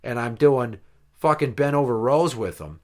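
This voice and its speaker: A man with a medium-pitched voice speaks at a moderate pace, co-hosting a podcast. He tells a story in casual chat, swearing a lot as an animated, profane storyteller.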